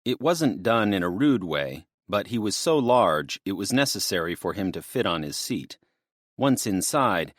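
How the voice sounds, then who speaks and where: A man narrating an audiobook in a steady storytelling manner. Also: low-pitched, no room sound, studio quality. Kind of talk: scripted narration.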